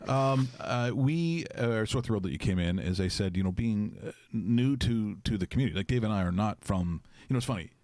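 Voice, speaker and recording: A man's voice: fairly low pitch, expressive, a little fast, few pauses, a little mellow, no room sound. A middle-aged man hosting a casual studio chat, rambling and jokey. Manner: rambling, jokey, slips into put-on voices. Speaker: show host.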